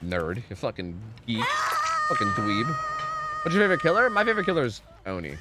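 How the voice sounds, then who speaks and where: A man's voice: mid-range voice, huge pitch swings, fast, heavy background noise. A man streaming a game live, giving casual commentary, swearing often and chatting with his viewers. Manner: laid-back, swears often, chats with viewers.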